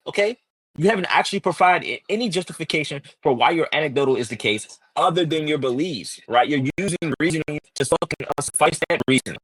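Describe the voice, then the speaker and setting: A man's voice: a little high, a bit bright, slightly rough, dry recording, low-quality recording. A man in a heated online debate, cursing constantly and tagging his points with "right?" and "okay?". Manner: profane, combative, repeats "right?" and "okay?".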